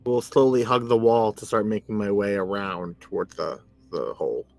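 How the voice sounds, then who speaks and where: A man's voice: fairly low pitch, normal speed, vocal fry. A man playing a tabletop game, speaking in a plain, matter-of-fact way. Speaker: player. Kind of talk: casual tabletop game talk.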